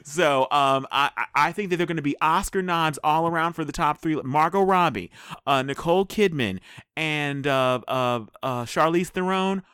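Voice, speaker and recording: Man host, smooth dry voice, animated and questioning in a casual review chat. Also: on the high side, normal speed, no echo. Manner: animated, questioning, lots of fillers. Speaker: podcast co-host.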